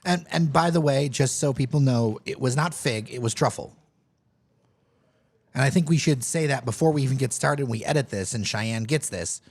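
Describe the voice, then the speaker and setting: A man's voice: medium pitch, brisk, few pauses. A man co-hosting a casual podcast, telling food stories with enthusiasm. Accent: Detroit, Michigan. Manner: lively storyteller, enthusiastic. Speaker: podcast co-host. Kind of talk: casual chat.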